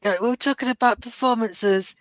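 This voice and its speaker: A woman's voice: on the high side, a little fast, no room sound. Chatty woman on a panel. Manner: chatty, frequent agreeing murmurs. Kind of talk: casual review chat.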